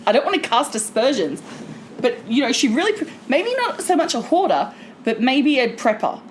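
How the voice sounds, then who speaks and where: A woman's voice: high voice, sing-song, normal speed, a little hiss or hum. A young woman co-hosting a podcast in casual chat, rambling, swearing and laughing often. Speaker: podcast co-host.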